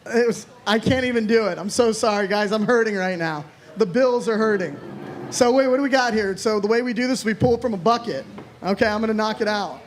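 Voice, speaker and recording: A man's voice: high voice, fairly quick. A man in his thirties from Florida doing a rambling, self-deprecating stand-up set, swearing freely. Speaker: stand-up comedian.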